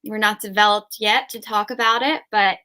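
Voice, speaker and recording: A woman's voice: mid-range voice, fairly even intonation, moderate pace, sharp tone. Earnest woman guest on a podcast. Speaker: guest speaker. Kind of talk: casual podcast interview.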